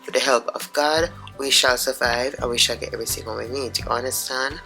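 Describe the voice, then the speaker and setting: A middle-aged woman with a Jamaican accent chatting to camera in her home office, hoarse and raspy from being sick, chatty and talking to herself in asides. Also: rumbling low, steady tone, fairly quick, pushed and bright, soft background music, low-quality recording. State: hoarse, sick with sore throat. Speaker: vlogger. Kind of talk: casual vlog chat to camera.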